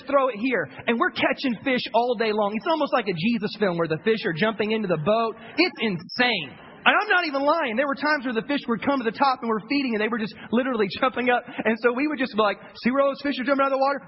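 A man preaching a sermon as a pastor, telling a story in an animated way, repeating words and acting out the people he quotes. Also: very high voice. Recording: dull audio with long hall reverb, faint noise.

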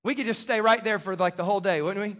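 A man's voice: sits high, quick pace, a bit bright. A man preaching a sermon as a pastor, talking in a conversational way with joking asides to the congregation. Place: church stage in a large hall. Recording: long hall reverb.

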